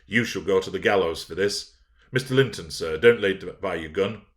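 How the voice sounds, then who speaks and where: A man's voice: low voice, normal speed, a bit bright. A man voicing a surly, accusing manservant. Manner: rough, accusing. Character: gruff surly manservant with a lantern.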